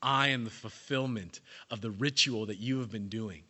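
A man preaching a sermon, telling the story dramatically and swinging between hushed and loud delivery. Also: medium pitch, lively intonation, brisk. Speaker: pastor. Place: church in California.

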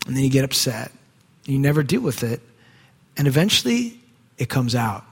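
A male pastor preaching a sermon in a church, conversational, swinging from quiet asides to raised emphasis. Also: mid-range voice, sing-song, moderate pace, creaky, husky. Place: church sanctuary. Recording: long hall reverb.

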